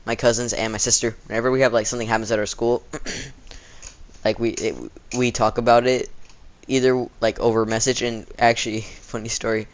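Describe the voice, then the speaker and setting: A man's voice: mid-range voice, flat delivery, fairly quick. A teenage boy telling a school story in a casual, rambling way, full of fillers and restarts. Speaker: storytime vlogger.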